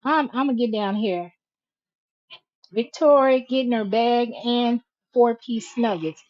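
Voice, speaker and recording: A middle-aged woman with a high-pitched voice and a drawl hosts a casual home livestream. She chats with her viewers in a sassy, drawn-out manner. The audio is dull and lo-fi. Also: darkish tone. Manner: sassy, drawn-out and chatty, says "baby" and "y'all" a lot. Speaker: livestream host reading chat.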